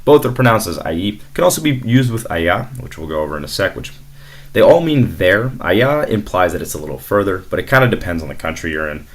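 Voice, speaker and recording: Speaking fast in a low, sing-song voice, a young man teaches Spanish in a screen-recorded lesson, explaining things casually and using fillers.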